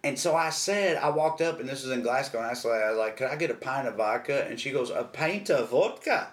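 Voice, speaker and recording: A young American man, co-hosting a podcast, telling a story in a loud, cursing, animated way. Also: mid-range voice, fast, echoey room. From United States. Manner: profane, animated storyteller with a Southern drawl. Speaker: podcast co-host. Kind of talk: casual storytelling chat.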